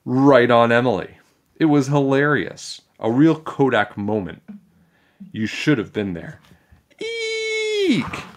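A man reading a children's chapter book aloud in a playful, animated way. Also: medium pitch, a little slow. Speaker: storybook reader.

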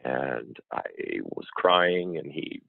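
With an extremely low, creaky voice and a slow pace, a man relates an emotional personal experience as an interview guest, earnestly and animatedly performing others' lines. There is no room sound, and the audio has a thin, phone-like quality.

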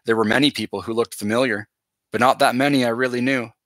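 A male teacher reading a novel aloud to his class in a steady, measured voice. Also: mid-range voice, no echo.

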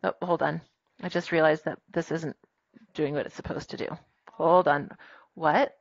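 A woman teaching a grammar lesson in a classroom, brisk and firm with her students as she dictates punctuation aloud. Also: low-pitched, fairly even intonation, muffled recording.

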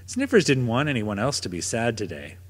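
A man reading a children's picture book aloud at a middle pitch, his voice rising and falling in a lively way. The tone is a little husky, and his gentle storytelling carries a long reverb. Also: brisk. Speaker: storybook narrator.

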